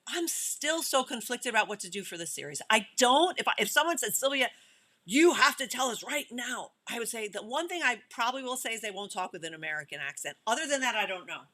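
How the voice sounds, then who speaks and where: A middle-aged woman film director talking in a casual interview, animated, often laughing and restarting her sentences. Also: fairly high pitch.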